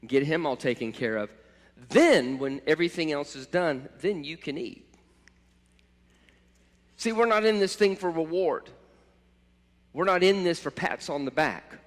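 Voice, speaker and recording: A man preaching a sermon as pastor, impassioned, swelling to loud cries at times. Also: a little high, expressive, measured pace, pauses often. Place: church sanctuary. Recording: church hall reverb.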